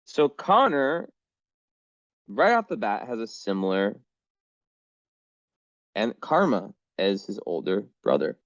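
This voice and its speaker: A man's voice: lowish voice, very animated, takes it slowly, pauses often, a bit bright, no room sound, muffled recording. A man reading astrology charts in a casual, rambling way, full of fillers and the odd swear word.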